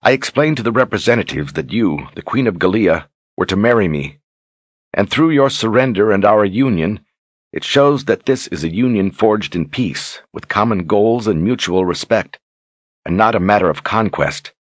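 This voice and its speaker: A solemn young queen reads a grave letter aloud in a storybook, voiced by a man. The tone stays low, husky and measured. The reading is dry and close. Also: animated, dry recording.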